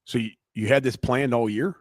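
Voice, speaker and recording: A man on a podcast prodding his co-host with quick questions and short reactions. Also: medium pitch, steady tone, dry recording. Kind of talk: casual podcast chat.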